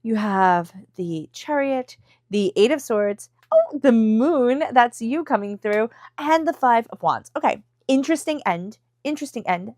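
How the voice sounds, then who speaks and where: A congested woman giving a casual, chatty tarot reading to camera, emphatic at times and dropping into soft whispers. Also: a little high, lively intonation, slow pace, dry recording, studio quality. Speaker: tarot reader.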